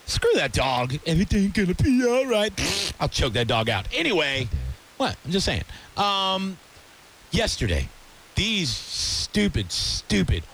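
A man's voice: sits high, huge pitch swings, a little slow, a bit bright, a little hiss or hum. A man hosting a sports talk show, ranting heatedly about rival fans. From Tampa area. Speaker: radio show host.

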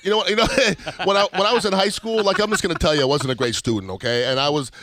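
A man hosting a radio show, telling a story in a casual, animated way and acting out the quotes. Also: sits high, fast talker, crowd noise. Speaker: radio host.

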